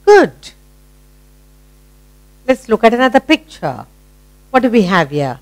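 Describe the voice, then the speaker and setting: A middle-aged woman with an Indian English accent teaching a phonics lesson to children, encouraging them and repeating each word slowly. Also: fairly high pitch, big pitch swings, rough recording. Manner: slow, sing-song, encouraging, repeating words.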